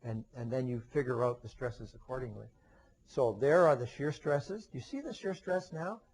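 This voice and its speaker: A man's voice: medium pitch, moderate pace, darkish tone, low-quality recording. A man teaching a webinar lecture in a conversational way, with frequent fillers and restarts, often posing questions and then answering them himself. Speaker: engineering lecturer.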